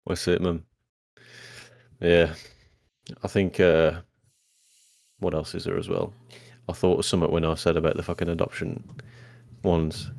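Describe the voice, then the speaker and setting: Low gravelly uk dude, blunt, swears every other word, dry sound. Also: male voice, flat delivery, unhurried, pauses often, darkish tone, dry recording. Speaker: podcast co-host. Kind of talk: casual chat.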